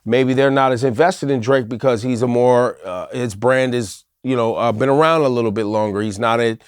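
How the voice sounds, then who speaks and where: A man hosting a casual panel discussion, thinking aloud in measured, roundabout sentences full of asides. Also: medium pitch, steady tone, clear, resonant tone, no room sound, clean studio sound. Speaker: host.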